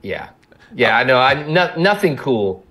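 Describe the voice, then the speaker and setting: A man's voice: medium pitch, very animated, a little slow, a bit bright. A middle-aged man, a cartoon co-creator, chatting casually as an interview guest, rambling and self-deprecating with frequent laughs.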